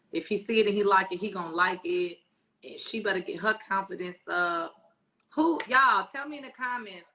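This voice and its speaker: A woman co-hosts a casual live stream, teasing her co-host and reading viewer comments with brash, profane humor, swearing freely. Her voice is medium-pitched, bright, and forceful. She was born in Spain and raised in Florida and Texas.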